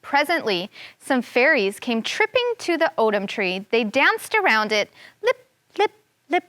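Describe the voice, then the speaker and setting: A woman's voice: fairly high pitch, sing-song, a little slow, sharp tone, no room sound. A woman teacher reading a folk tale aloud to children, stopping to explain words and voicing the sound effects with expression. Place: classroom studio.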